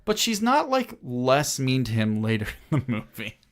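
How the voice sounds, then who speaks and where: Male podcast co-host, deadpan and sarcastic, casual film talk, average pitch. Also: moderate pace. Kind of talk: casual chat reviewing a film.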